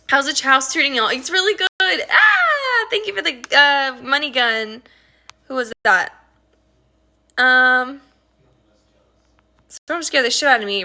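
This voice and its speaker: A woman's voice: high-pitched, sharp tone. A woman musician chatting casually on a livestream, rambling through a story, swearing freely and laughing as she reads viewer comments.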